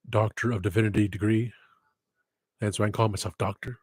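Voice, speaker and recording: A man's voice: on the low side, fairly even intonation, fairly quick, breathy edge, no room sound. A man rambling through a casual livestream, wandering off topic, cutting himself off, adding wistful asides. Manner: meandering, self-interrupting, wistful asides. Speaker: livestream host. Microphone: headset.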